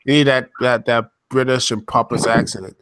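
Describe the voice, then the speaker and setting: A man with a bright, forceful voice hosts a loose podcast conversation. He rambles and restarts his sentences, full of ums and you-knows. The sound is dry and close. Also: medium pitch, fairly even intonation, normal speed, smooth, no echo. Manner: rambling, many fillers and restarts. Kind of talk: casual chat.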